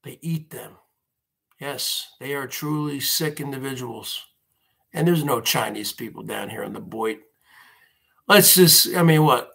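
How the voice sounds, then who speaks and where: A man's voice: medium pitch, a little slow, gravelly, pauses often, fairly bright tone, breathy edge. A man hosting a livestream, ranting in a rambling, repetitive monologue and often addressing his viewers as folks. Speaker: livestream host.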